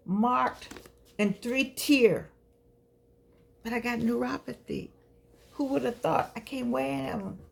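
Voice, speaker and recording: Sixties woman, slightly gravelly, talks straight to camera like a sermon among friends. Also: a little high. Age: 60s. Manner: chatty, preachy, folksy and emphatic. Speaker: vlogger speaking to seniors. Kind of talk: casual motivational talk to camera.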